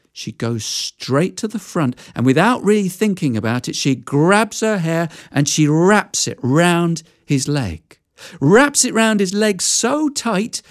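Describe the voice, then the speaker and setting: A woman storyteller telling a fairy tale in an animated, conversational way with asides to listeners. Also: on the low side.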